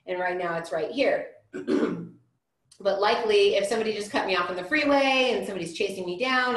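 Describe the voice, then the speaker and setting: A woman leads an informal spiritual class and explains things in a loose, chatty way, doubling back on her words. Her voice sits at an ordinary middle pitch. The room around her echoes noticeably. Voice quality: rambling, chatty, many restarts and fillers. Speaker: spiritual teacher.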